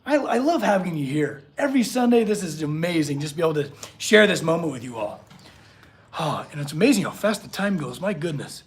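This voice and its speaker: A man's voice: fairly high pitch, big pitch swings, fairly quick. A man hosting a casual livestream from his workshop, earnest and emotional as he gushes and reacts to the chat. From California. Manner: earnest, emotional, gushing, reads chat aloud. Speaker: livestream host, blacksmith artist.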